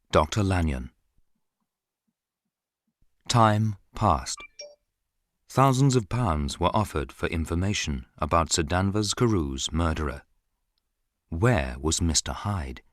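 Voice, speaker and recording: A man reading a classic novel aloud as scripted audiobook narration, in a slow and even storybook manner. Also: deep voice, dry recording.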